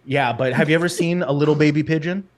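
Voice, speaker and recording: A man's voice: on the high side, fast. Give me a laughing Brooklyn-born man. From New York City, Brooklyn. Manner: laughs often, jokey storytelling. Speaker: podcast guest. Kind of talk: casual podcast chat.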